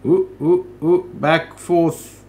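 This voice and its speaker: A man's voice: fairly high pitch, fairly even intonation, extremely slow, warm tone, a little hiss or hum. A man hosting a let's play, thinking aloud in casual commentary with frequent "ooh"s and "um"s.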